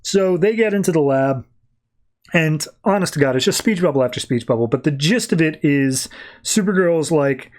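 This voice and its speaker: Male podcast host, highish voice, casual and wry comic recaps. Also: expressive. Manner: offhand, wry, slips into quick character voices.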